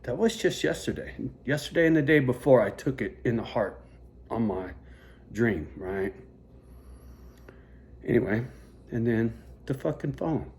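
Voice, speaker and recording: A man vlogging into a phone camera, telling a rambling story in a heavily profane, animated rant. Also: mid-range voice, measured pace, long pauses.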